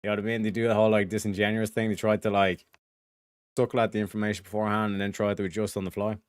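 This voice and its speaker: A man's voice: lowish voice, little pitch movement, rapid-fire, clear, resonant tone, no echo. Male streamer, casual profane rambler, dry close mic. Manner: rambling, profane, lots of filler phrases. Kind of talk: casual livestream chat.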